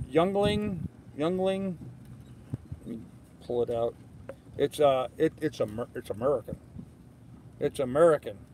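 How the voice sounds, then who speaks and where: A man's voice: a little high, darkish tone, slight background noise, low-quality recording. An older man hosting a live sailing stream from his moored boat, reading viewer comments aloud and answering them in an easygoing, rambling way with many fillers. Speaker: sailing vlog host. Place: aboard a moored sailboat in a harbor, outdoors at evening.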